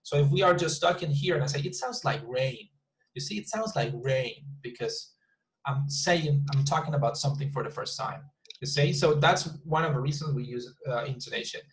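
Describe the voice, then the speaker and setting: In this online English class, the instructor is a man whose voice sits a little high. He goes over words again and again with patience and works through sample sentences at a slow pace, though the audio quality is poor.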